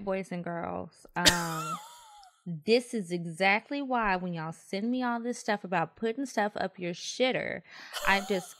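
Bright, blunt-talking woman host. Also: medium pitch, a little hiss or hum. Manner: blunt, teasing reactions. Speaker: podcast host. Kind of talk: casual chat.

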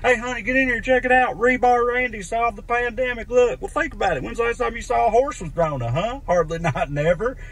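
A comedian voicing a gullible rural man with a Tennessee accent, excitedly hyping a livestock cure. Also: very high-pitched, a little fast, few pauses, far from the mic, voice pushed up, heavily acted. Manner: excited, folksy.

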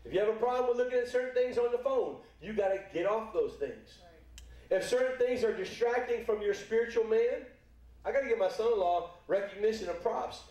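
This pastor, a middle-aged man, preaches with a high, slightly mellow voice, lively intonation and a somewhat quick pace. He's folksy and playful, acting out little voices, and the distant mic catches plenty of echo from the church sanctuary.

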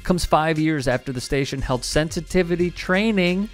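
A man's voice: a little high, normal speed. A man hosting a sports news commentary, delivering a scripted segment with a wry, pointed tone. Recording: faint music bed behind.

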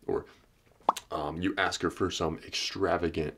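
A man's voice: sits low, steady tone, brisk, creaky, noisy background. A man talking straight to camera as a dating coach, blunt and profane, slipping into acted lines to make his points. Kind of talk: direct-to-camera advice talk.

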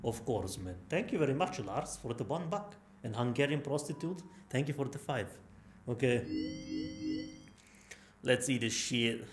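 A man's voice: medium pitch, measured pace, long pauses, a little hiss or hum. A young man streaming a horror game live, gasping, yelping and swearing, full of crude jokes. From Austria. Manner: excitable, yelps and gasps, swears a lot, crude jokes.

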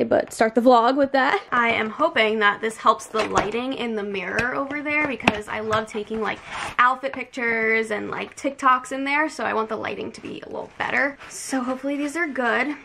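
A woman's voice: a little high, a little fast, creaky, slight background noise. Bubbly young woman vlogging at home. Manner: bubbly, chatty, squeals with excitement, talks to her cats. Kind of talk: casual vlog chat. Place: home bedroom and kitchen.

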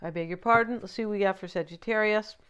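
A woman doing a casual tarot reading, chatty and lively, often asking "right?" as she talks. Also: medium pitch, quick pace, highs cut off, background noise. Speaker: tarot reader.

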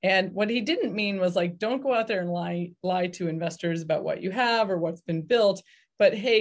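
A woman's voice: lowish voice, darkish tone. A middle-aged woman investor talking through her advice in a podcast interview, thoughtful, with many fillers and restarts. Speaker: venture investor guest.

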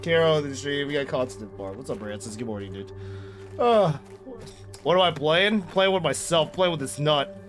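A young man streaming a video game, rambling loudly to chat, swearing and bursting into yells. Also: fairly high pitch, animated, normal speed, soft background music. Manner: loud, rambling and profane, bursts into yelling. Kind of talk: casual live-stream chat while gaming.

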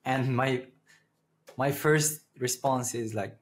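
A man who is a content creator, chatting casually as a guest in an interview and telling stories with lively energy. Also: medium pitch, moderate pace, slight background noise. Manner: lively storyteller, speeds up when excited.

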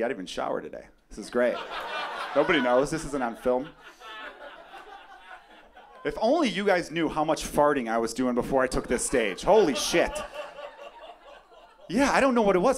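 A man from Chicago performing a profane, excitable stand-up comedy set on a club stage, with a handheld mic. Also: a little high, normal speed, pauses often. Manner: brash, profane, excitable bits. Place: comedy club stage before a live crowd. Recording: live club recording with crowd laughter. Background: audience laughter.

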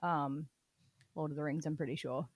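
A woman co-hosting a podcast in casual chat, playful and quick to joke. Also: deep voice, steady tone, crowd noise. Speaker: podcast co-host.

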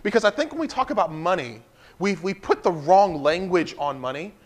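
A man's voice: high voice, expressive, brisk. A male pastor preaching a livestream sermon in a conversational way, repeating key lines and stopping for asides to the congregation.

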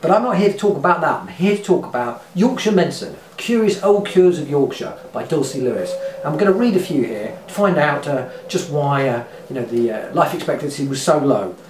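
A man's voice: a little high, expressive, fairly quick, hardly any pauses, darkish tone. A man vlogger reading from a book for laughs, with dry jokes and many fillers. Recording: roomy, distant mic, clear ambient noise.

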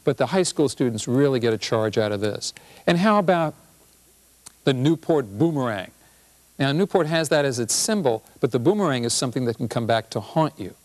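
With punchy, animated energy, a physician-professor presents a humorous public health talk. His voice sits at a medium pitch and moves slightly quickly.

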